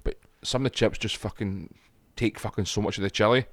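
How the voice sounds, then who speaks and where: A young man co-hosting a podcast, telling sweary stories in lively banter. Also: on the low side, a little fast, no room sound. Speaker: podcast co-host. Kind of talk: casual chat.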